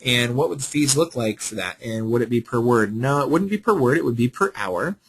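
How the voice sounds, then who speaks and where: A man's voice: medium pitch, expressive, fairly quick, breathy edge, poor audio. A man hosting a live webinar Q&A, upbeat and salesy, reading out viewer questions and answering them. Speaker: webinar host.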